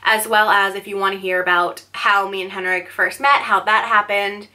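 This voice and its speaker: A woman's voice: medium pitch, steady tone, normal speed, bright, forceful tone. A young woman in her twenties telling a candid storytime on her vlog, chatty and full of "like". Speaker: vlogger. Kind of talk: casual storytime.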